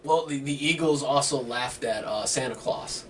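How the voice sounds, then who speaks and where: A man's voice: mid-range voice, normal speed, faint music behind. Hesitant man giving sports picks. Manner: hesitant, many fillers. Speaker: co-host making picks. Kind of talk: casual sports chat. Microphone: online call. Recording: distant mic with faint noise.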